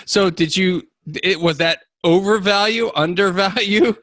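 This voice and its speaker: Bright, playful male podcast host. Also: sits high, a little slow, no room sound. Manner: playful, joking. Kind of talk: casual podcast chat.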